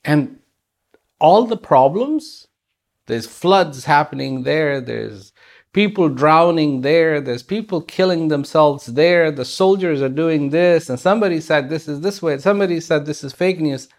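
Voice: medium pitch, expressive, unhurried. A speaker giving a reflective spiritual talk, using rhetorical questions and repetition for emphasis.

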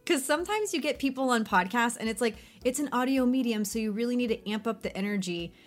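A woman co-hosts a podcast in a relaxed, chatty way. She runs through lists and quizzes her co-host with easy, conversational energy. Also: on the high side, fast talker, faint music behind. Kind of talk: casual podcast chat.

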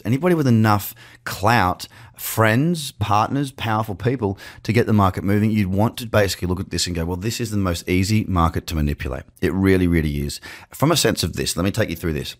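Aussie guy doing his crypto show from his desk, low voice, swings up and down a lot, chatty and jokey. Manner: chatty, animated, jokey asides. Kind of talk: casual market commentary to camera. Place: home office with screens. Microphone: webcam setup.

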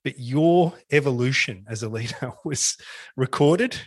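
Guy host asking careful questions, bit husky, dead dry mic. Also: mid-range voice, a little slow, no room sound. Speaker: interviewer, podcast host. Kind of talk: interview questions.

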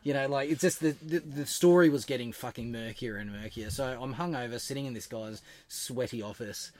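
A man's voice: mid-range voice, fairly quick. An Australian man telling a long story on a podcast in casual chat, swearing a lot and acting out the other people's lines. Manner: animated anecdote-telling, heavy swearing, acts out the voices of others. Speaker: podcast guest.

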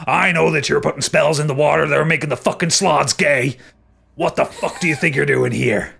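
A man voicing a gruff, coarse, bigoted male noble who rants that flying machines are unnatural. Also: on the high side, brisk, fairly bright tone. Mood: ranting. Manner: blustering, coarse, says ain't.

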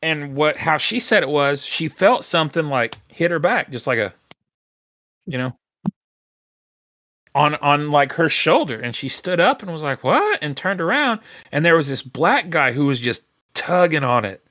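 A man tells a story on a casual podcast, bright and a little high in pitch. He talks in an animated way and jumps into the voices of the people he quotes. The sound is dry and close to the mic. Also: moderate pace, dry recording. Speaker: podcast co-host telling a retail story.

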